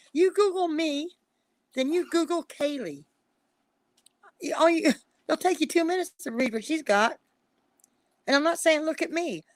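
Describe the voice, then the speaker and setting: High-voiced woman, emphatic and pleading. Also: no room sound. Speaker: psychic reader, guest on a live stream. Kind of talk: emotional casual live-stream talk.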